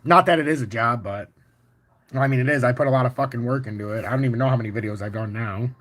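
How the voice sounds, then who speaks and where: A man hosting a casual crypto livestream, walking through charts and chatting with viewers in a boastful, profane, animated way. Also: mid-range voice, fast talker. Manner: boastful and confident. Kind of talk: casual livestream chart talk, answering chat.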